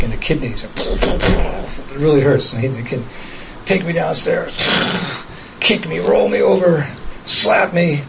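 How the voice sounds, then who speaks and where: A man telling a personal story in a casual, lively way, laughing as he goes and acting out other people's voices. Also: mid-range voice, creaky, a little hiss or hum, poor audio. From United States.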